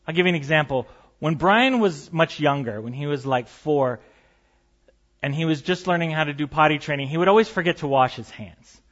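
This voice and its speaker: A man's voice: on the high side, a little fast, a bit bright, dull audio. A man preaching a sermon as pastor, conversational and storytelling, with light humor.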